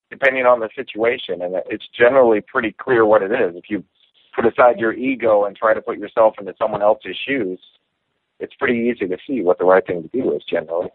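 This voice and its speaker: A man, a professional fighter, telling stories in a relaxed, casual interview. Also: fairly low pitch, no echo. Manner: relaxed storyteller acting out quotes. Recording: tinny phone line.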